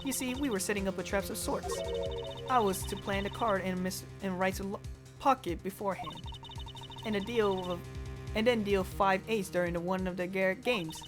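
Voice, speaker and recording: A woman's voice: medium pitch, normal speed, over music, close to an everyday voice. A woman voicing a brash, confident con-artist card dealer with a put-on New York accent.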